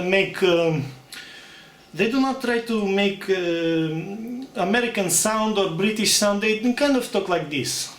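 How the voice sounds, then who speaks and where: A man's voice: sits high, a bit bright. A young man, demonstrating to camera in a hesitant, filler-heavy way. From Slovakia. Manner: hesitant, many fillers, slips into put-on accents. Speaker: aspiring actor demonstrating accents. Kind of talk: casual accent demonstration to camera. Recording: echoey room.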